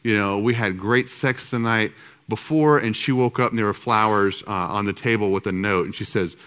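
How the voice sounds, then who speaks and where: A middle-aged man with a fairly low voice gives a marriage talk. He tells his stories in an animated way and plays out both sides of old conversations. It comes across as relaxed, chatty storytelling in front of a live audience. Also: normal speed, clean tone. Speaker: marriage speaker.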